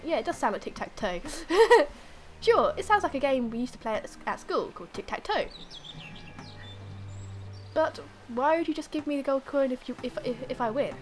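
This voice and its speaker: A woman's voice: a little high, lively intonation, moderate pace, soft background music. A woman playing a video game and reading its dialogue aloud, giggly and stumbling over words. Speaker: let's play gamer. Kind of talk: casual gameplay commentary.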